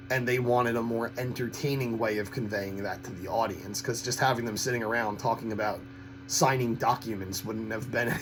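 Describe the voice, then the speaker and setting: A man giving a casual, opinionated film review in a halting way, with frequent false starts and repeated words. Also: fairly low pitch, poor audio. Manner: critical, blunt opinions. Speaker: host of a film-ranking channel.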